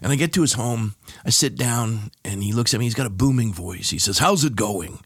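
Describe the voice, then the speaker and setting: In a podcast studio interview, a middle-aged California pastor shares a personal story emphatically, raising his voice for the punch lines. He speaks briskly in a mid-range voice that is gravelly with a breathy edge, captured at studio quality with no room sound.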